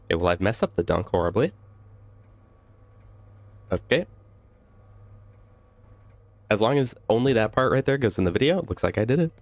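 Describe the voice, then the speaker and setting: A man's voice: on the low side, big pitch swings, moderate pace, long pauses, no echo. A young man giving casual gameplay commentary with joking, rambling asides to viewers. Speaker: gaming video host.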